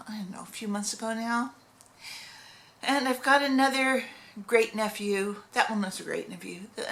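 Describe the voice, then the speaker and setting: In a laid-back crochet show-and-tell, a middle-aged vlogger rambles, leans on fillers, and corrects herself along the way. She speaks at medium pitch with a sharp tone, and there's slight background noise.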